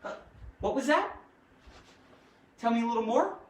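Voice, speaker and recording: A woman's voice: a little high, expressive, normal speed, far from the mic, background noise. A woman hosting a playful live grammar lesson, giggly and jokey, talking straight to her viewers. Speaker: grammar teacher and show host. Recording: echoey room, voice off-mic.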